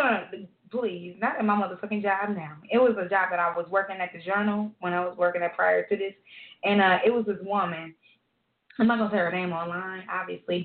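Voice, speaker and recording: A woman co-host chatting on a podcast, blunt, loud-mouthed and profane, laughing through her stories. Her voice comes over a thin, phone-like line and bounces around an echoey room. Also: medium pitch, brisk. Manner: brash, profane, laughing storyteller. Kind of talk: casual chat.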